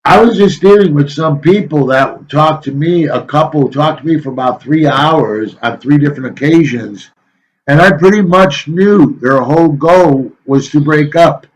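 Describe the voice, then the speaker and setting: A male teacher giving a casual, folksy lecture to his students, rambling a little with frequent pauses and filler sounds. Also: on the high side, low-quality recording.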